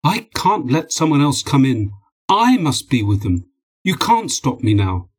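A man's voice: mid-range voice, big pitch swings, unhurried, breathy edge, pitched above the performer's own voice. A man reading a desperate, obsessed male scientist in a storybook, pleading and insistent, with a raised voice.

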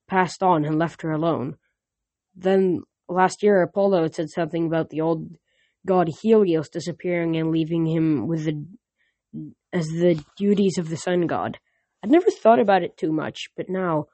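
A man casually reading a novel aloud, halting with restarts, recorded on a phone lying nearby. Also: fairly high pitch, a little mellow, no room sound. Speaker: audiobook reader.

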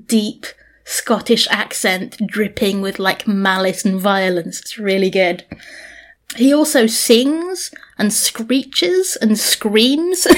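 Chatty British woman co-hosting a podcast. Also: medium pitch. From United Kingdom. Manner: chatty, laughs often, says "like" a lot. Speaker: podcast co-host. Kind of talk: casual chat.

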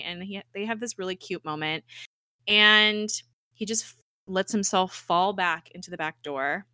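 A woman's voice: medium pitch, normal speed, bright, forceful tone, no room sound, studio quality. A woman co-hosting a casual TV recap podcast, animatedly retelling scenes and acting out the characters' lines. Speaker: podcast co-host.

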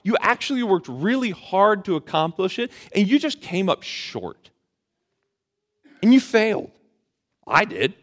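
A man's voice: high-pitched, big pitch swings, measured pace, long pauses, fairly bright tone. A man preaching a sermon in a conversational way, asking the audience questions and retelling a story with casual slang. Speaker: pastor.

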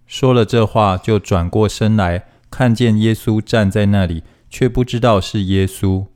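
Low-voiced man reading scripture steadily. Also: moderate pace. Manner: steady and even, phrase by phrase. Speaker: scripture reader. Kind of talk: formal Bible reading.

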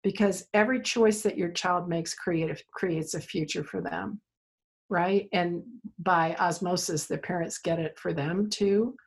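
A woman therapist, a guest in an interview, telling stories lively and acting out the lines she quotes. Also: lowish voice, measured pace, slightly rough. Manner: animated storyteller, acts out quoted dialogue. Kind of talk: conversational interview, storytelling.

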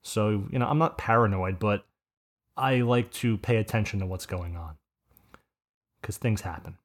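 A man's voice: on the low side, normal speed. A man, co-hosting a podcast and telling stories in a rambling, profane, casual way. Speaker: podcast host. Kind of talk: casual chat.

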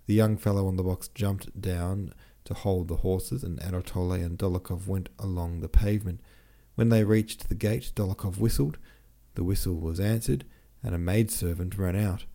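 A man narrates a classic novel for his podcast in a steady, measured manner. His voice is low and mellow, unhurried and even. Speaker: audiobook podcast host.

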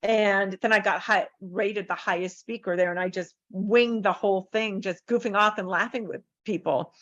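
A woman's voice: mid-range voice, normal speed, no echo. A woman from San Diego chats in an interview as a therapist and speaker. She tells her stories with energy and slips into the voices of the people in them. The sound is a little muffled and dry. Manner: animated storyteller acting out quoted voices. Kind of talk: casual interview chat.

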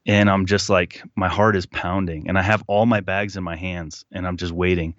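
A man guest telling a personal story in a casual, animated way, acting out what people said. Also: low-pitched, moderate pace, no room sound, muffled recording. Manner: animated retelling, acting out quotes. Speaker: podcast guest.

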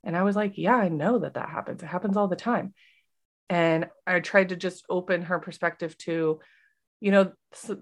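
A woman in her thirties co-hosting a podcast, chatting casually and acting out the voices of people in her story. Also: lowish voice. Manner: animated, acts out quoted voices. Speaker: podcast co-host, nurse.

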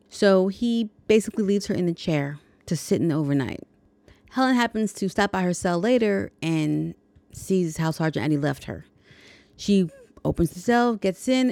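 A woman hosts her own podcast and walks through a film's story in a chatty, joking way. Her voice sits fairly low and has a noticeable gravelly fry. The sound is dry and close, with no room around it. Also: darkish tone, no echo. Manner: chatty, jokey asides. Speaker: podcast host. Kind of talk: casual movie plot recap.

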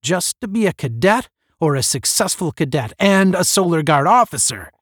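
Sarcastic space-cadet captain, read by a man, deep, clipped and lively in pitch, bone-dry sound. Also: normal speed, no echo. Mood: stern. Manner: barking, clipped commands. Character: stern male space academy captain, cold and sarcastic.

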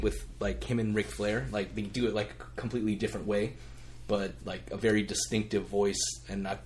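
Low-voiced podcast co-host. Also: male voice, pushed and bright, a little hiss or hum. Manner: quick, filler-heavy. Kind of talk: casual chat.

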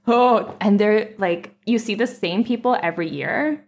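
A woman's voice: mid-range voice, a little slow, darkish tone. A woman guest on a podcast, chatting casually with many fillers. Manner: chatty, lots of likes. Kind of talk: casual chat.

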